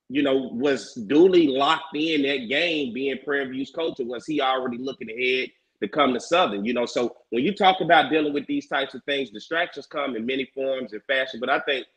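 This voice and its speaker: A man on a sports talk show, walking through a college football game at a measured pace. He keeps posing rhetorical questions as he makes his case. His voice sits in an ordinary male range. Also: medium pitch, a bit bright, low-quality recording. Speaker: show panelist.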